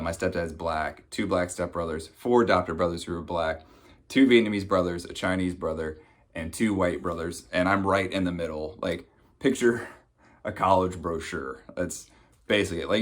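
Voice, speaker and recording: A man in his thirties from the United States doing a stand-up comedy set, telling conversational stories and acting out the people in them. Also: deep voice. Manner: conversational storytelling, acts out quoted people. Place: home, recorded for a virtual show.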